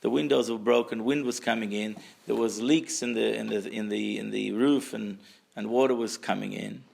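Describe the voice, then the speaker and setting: A man's voice: fairly low pitch, normal speed, vocal fry. A man giving a Torah class, telling stories and putting questions to his listeners, with Hebrew and Aramaic terms mixed into his talk and words he sometimes repeats as he searches. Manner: animated, asks the audience questions, repeats words while searching. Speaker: Torah teacher. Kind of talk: Torah class lecture with storytelling.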